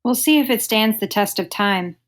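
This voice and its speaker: A woman from the United States chatting as a comedian guest on a podcast. Her voice sits at a middle pitch. She delivers her jokes dryly, with a plain setup and punchline. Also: expressive, normal speed. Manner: dry, setup-and-punchline joke telling. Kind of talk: casual podcast chat.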